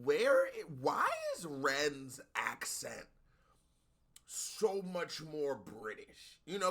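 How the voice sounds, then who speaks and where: A man hosting a music reaction video, talking casually and bluntly with plenty of profanity, often jumping up into high-pitched exclamations. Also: pushed and bright.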